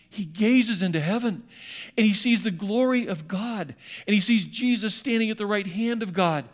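High-voiced pastor preaching with drama. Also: male voice. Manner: dramatic, voices the scripture speakers, swings between loud and hushed. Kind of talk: sermon. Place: church sanctuary.

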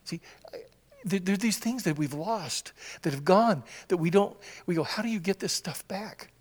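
Pastor guy giving a sermon, kinda high voice, loud then whispery, big churchy reverb. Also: moderate pace. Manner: animated, acts out quotes with swings from shouts to whispers. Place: church sanctuary.

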